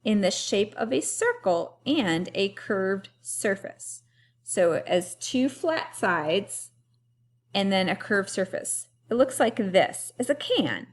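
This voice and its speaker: A woman teacher gives a remote lesson to young children, speaking slowly and deliberately with her words spaced out. Her medium-pitched voice is sing-song, and she pauses often so the class can repeat words after her.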